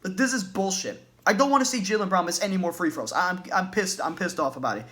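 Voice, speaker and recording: A man's voice: sits high, animated, quick pace, pushed and bright. A man ranting as a basketball fan in a vlog, agitated, profane and repeating himself. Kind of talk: sports rant vlog.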